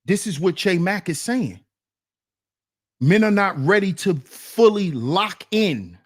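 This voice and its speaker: Animated laughing man talking to the fellas. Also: sits high, slow pace. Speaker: online commentator reacting to clips. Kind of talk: casual reaction commentary.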